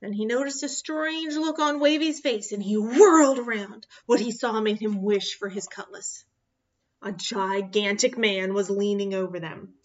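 A woman reading a children's picture book aloud in an expressive, animated way. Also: mid-range voice, unhurried, dull audio. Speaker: storyteller.

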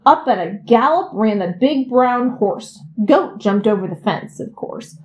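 A woman reading a children's picture book aloud in an expressive, sing-song way. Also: fairly high pitch, unhurried, muffled recording. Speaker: reader.

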